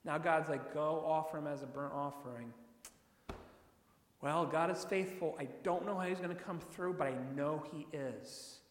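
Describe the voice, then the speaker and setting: A man preaching a sermon, reading scripture slowly and with emphasis, then explaining it in an expressive way. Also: on the high side. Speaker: pastor. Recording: echoey hall.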